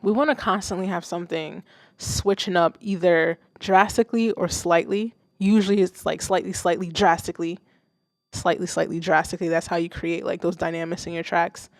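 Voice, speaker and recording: Gravelly, candid young woman streamer. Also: on the low side, steady tone, moderate pace, no room sound, clean studio sound. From Haiti. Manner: candid, swears freely, laughs easily. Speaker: host of a music listening stream. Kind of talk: casual live-stream music feedback. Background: submitted song playing.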